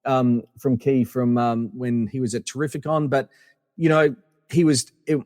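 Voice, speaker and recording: A middle-aged man from Australia, a podcast guest telling animated anecdotes with lots of fillers and restarts. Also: mid-range voice, normal speed, dry recording, studio quality, long reverb tail. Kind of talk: casual storytelling interview.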